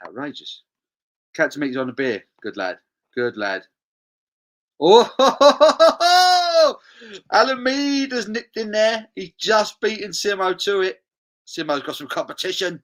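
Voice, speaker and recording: A man's voice: mid-range voice, a bit bright, low-quality recording. A man with an English accent hosting a music quiz on a casual livestream, full of banter, repeating his phrases and reading out viewers' chat.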